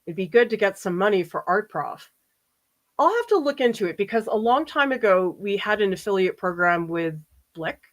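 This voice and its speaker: With a voice on the low side, a woman art professor from the US East Coast chats casually with viewers during a livestream painting demo. She often laughs while reading their comments aloud.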